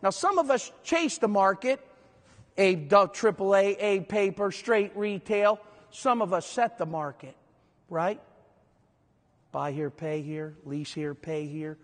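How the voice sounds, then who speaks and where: A man speaks to a large convention audience in an energetic, interactive style, firing questions at the room. His voice sits high for a man. It rings out with a long reverb in a big hall. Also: takes it slowly. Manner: energetic, shouts at the audience, quizzes the crowd. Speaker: conference speaker. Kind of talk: convention breakout presentation.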